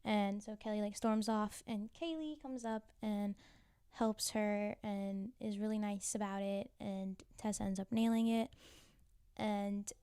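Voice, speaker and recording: A woman's voice: medium pitch, fairly even intonation, a little slow, mellow, smooth, dry recording, studio quality. A woman recapping a TV drama in a casual, gossipy way, laughing often and filling her talk with "like" and side comments. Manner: gossipy, giggly, full of "like" and asides. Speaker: TV recap vlogger.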